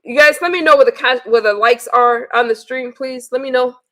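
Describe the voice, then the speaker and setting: A woman with a somewhat high voice, talking straight to her live-stream viewers. She is blunt and exasperated, swearing freely as she vents and reads messages aloud. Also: brisk, fairly bright tone. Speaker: livestreamer.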